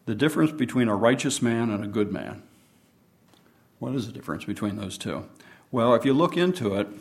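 A man preaching a sermon, reading scripture and explaining it in an unhurried teaching manner. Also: mid-range voice. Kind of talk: Bible study sermon.

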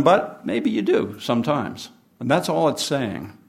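A man preaching a sermon, reading scripture and explaining it in an unhurried teaching manner. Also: mid-range voice, animated, creaky. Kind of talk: Bible study sermon.

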